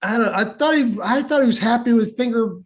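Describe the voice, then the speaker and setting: A man co-hosting a comedy podcast, joking in an excitable way and often shouting. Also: very high-pitched, fairly quick. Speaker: podcast co-host. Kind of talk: casual comedic chat.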